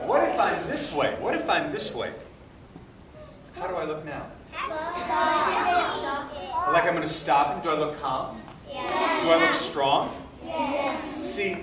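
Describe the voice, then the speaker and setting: A man, a martial arts instructor, giving an energetic call-and-response talk to children at a school assembly, coaxing them to repeat phrases. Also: on the high side. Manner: energetic, coaxing, asks questions and has the kids repeat phrases. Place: large echoey room such as a school gym. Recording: echoey hall from far off with kids' noise. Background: children's voices and room noise.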